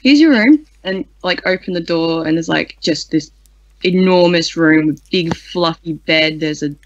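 A woman's voice: deep voice, level tone, unhurried, no echo. Tired, giggly woman gamer, dry lo-fi mic, rambles. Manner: rambling and giggly, full of likes. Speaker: player. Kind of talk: playing a tabletop game in character.

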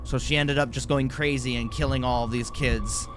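A man's voice: mid-range voice, steady tone, moderate pace, background noise. A man giving nervous, jumpy commentary while playing a horror game, with frequent exclamations. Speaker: gaming YouTuber.

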